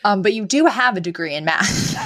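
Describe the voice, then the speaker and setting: A woman's voice: mid-range voice, lively intonation, normal speed, fairly bright tone. A young woman co-hosting a podcast, chatting casually, laughing easily and retelling scenes with quoted lines. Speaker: podcast co-host. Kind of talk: casual chat recapping a sitcom episode.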